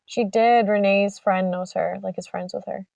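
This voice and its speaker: A woman's voice: medium pitch, fairly even intonation, normal speed, gravelly, darkish tone, no room sound. A woman in her twenties co-hosting a casual podcast chat. She giggles often and tries out joking accents. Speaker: podcast co-host. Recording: dry, distant, muffled lo-fi audio.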